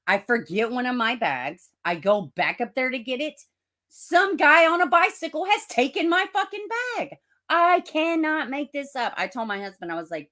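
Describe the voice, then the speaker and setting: A woman's voice: mid-range voice, fairly bright tone. A middle-aged woman hosting a casual livestream, greeting viewers by name, swearing and laughing at herself as she tells a story. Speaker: livestream host.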